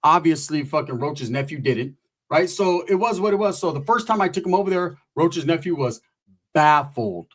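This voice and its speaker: A man's voice: on the high side, lively intonation, moderate pace. A man telling a rambling, crude comic story in a laid-back, profane way. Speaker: comedian.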